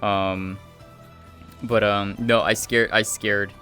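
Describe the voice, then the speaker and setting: A man's voice: fairly low pitch, little pitch movement, slow, bright, forceful tone, soft background music. A male streamer chatting casually about a role-play game, rambling and swearing as he retells scenes. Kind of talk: casual chat.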